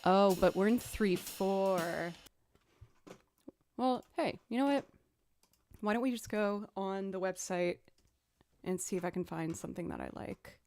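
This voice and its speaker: Chatty woman with a gravelly edge. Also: medium pitch, measured pace, long pauses, darkish tone, faint music behind. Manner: chatty, thinks aloud, self-deprecating. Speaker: musician streamer. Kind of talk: casual chat while producing music. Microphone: studio mic.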